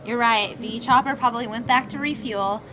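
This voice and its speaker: High-voiced female news anchor. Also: moderate pace, pushed and bright, a little hiss or hum. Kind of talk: studio news chat.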